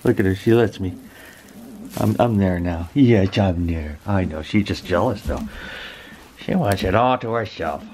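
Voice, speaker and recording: A man's voice: deep voice, moderate pace, pauses often, a little hiss or hum. A man who breeds dogs, talking casually to a handheld camera while sitting among puppies, rambling and restarting his words. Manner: rambling, repeats and restarts words, gently affectionate. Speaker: dog breeder. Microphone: handheld camera mic.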